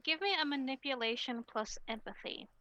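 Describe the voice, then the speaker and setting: Woman, game storyteller, bright tone, dry close sound, easygoing narration. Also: high-pitched, moderate pace, dry recording, muffled recording. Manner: relaxed and rambling, with many filler sounds.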